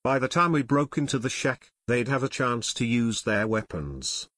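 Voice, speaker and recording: A man's voice: medium pitch, animated, moderate pace, a bit bright, no room sound. A man doing a firm teen boy detective. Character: steady teen boy detective giving orders.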